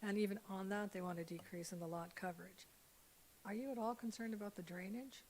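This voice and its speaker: A woman councillor poses questions at a council meeting, halting and restarting as she searches for words. There is a faint hiss behind her. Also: mid-range voice, a little mellow.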